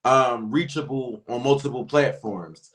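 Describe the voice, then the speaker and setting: A man's voice: mid-range voice, measured pace, fairly bright tone. A man guesting on a livestream talk show, telling stories in a casual, rambling way with lots of fillers and restarts. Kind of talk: casual chat.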